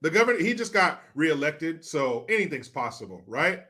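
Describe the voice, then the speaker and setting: A man's voice: on the high side, big pitch swings, moderate pace, sharp tone. A man hosting his own show, ranting through sarcastic, profane political commentary full of mockery. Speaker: show host.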